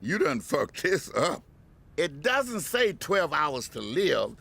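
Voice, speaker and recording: A man voicing a scolding cartoon character with a slow drawl. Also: on the high side, sing-song, gravelly, fairly bright tone, breathy edge, pitched above the performer's own voice, full character voice.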